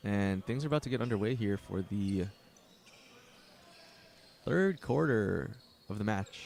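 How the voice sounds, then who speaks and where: A man's voice: lowish voice, measured pace, gravelly, long pauses, a little mellow, a little hiss or hum. Chatty young man calling basketball. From Canada. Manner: chatty, joking asides to viewers. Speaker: play-by-play commentator. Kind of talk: livestream basketball commentary. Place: gym at a basketball tournament.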